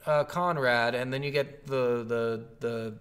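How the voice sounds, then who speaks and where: A man's voice: medium pitch, fairly even intonation, measured pace, a bit bright. A man in casual chat about a video game, rambling and swearing often, acting out quotes as he goes. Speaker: co-host discussing a video game.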